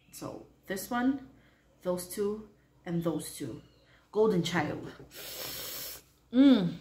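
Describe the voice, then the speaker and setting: A woman's voice: fairly low pitch, reverberant. A woman hosting a reaction video, talking casually and unsure of herself, muttering guesses and often laughing.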